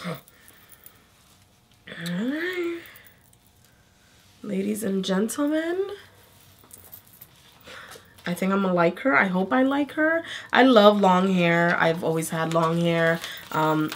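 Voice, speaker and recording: A woman reviewing a wig for her channel in a chatty, playful way, sounding nasal while sick with a fever. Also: on the low side. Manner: chatty, playful, swears casually. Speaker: beauty vlogger.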